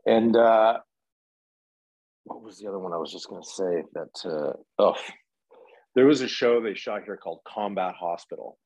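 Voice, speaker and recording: A man's voice: on the low side, moderate pace, long pauses, a little mellow, dry recording, poor audio. A man in his thirties, an actor, telling stories in a casual interview, rambling with many fillers and restarts.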